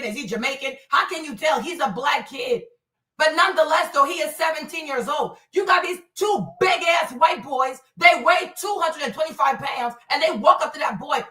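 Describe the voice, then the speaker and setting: A woman from Africa hosting a livestream, ranting furiously, swearing heavily and often shouting. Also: sits high, recorded from a distance. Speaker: livestream host. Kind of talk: heated livestream rant. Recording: echoey room, voice away from the mic.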